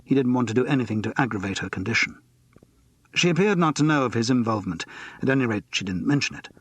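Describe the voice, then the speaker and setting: A man narrating an audiobook in a measured, even manner. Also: mid-range voice, husky. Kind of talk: scripted narration.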